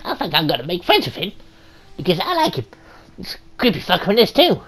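A young woman giving loud, profane let's-play commentary while playing a co-op game with a friend. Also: fairly low pitch, sing-song, fast. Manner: heavy swearing, loud banter.

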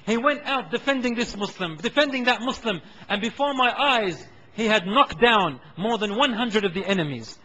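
A man's voice: sits high, pushed and bright, rough recording. A male preacher telling a dramatic story in a sermon and shifting his voice for each figure.

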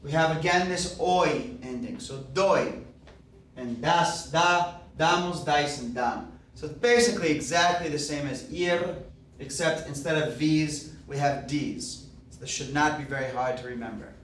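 A man's voice: a little high, moderate pace. Roomy far-off male teacher. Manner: patient, explanatory, frequent "okay" and "uh". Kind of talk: classroom grammar lecture. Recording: roomy, distant mic, faint background hiss.

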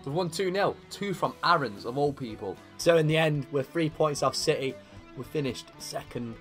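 A young man commenting live on his own football video game career, dry one moment and yelling at big chances the next. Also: on the high side, moderate pace, faint music behind. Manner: excitable, shouting at big moments, dry asides. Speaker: gaming YouTuber.

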